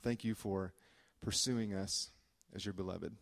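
A man's voice: low-pitched, fairly even intonation, measured pace, vocal fry, fairly bright tone. A man preaching a sermon as a pastor, conversational and joking, with frequent "uh" fillers. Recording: long hall reverb.

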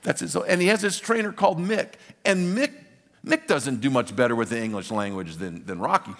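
An older male pastor preaches in an animated, storytelling way, doubling back on words to drive a point home. His voice sits at an ordinary middle pitch for a man. A long reverb trails each phrase, as in a large hall. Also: a little fast. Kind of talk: sermon.

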